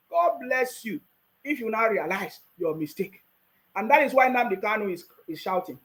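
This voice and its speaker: A man's voice: extremely high pitch, lively intonation, normal speed, low-quality recording. A Nigerian man giving casual political commentary, mocking and laughing often, repeating his words.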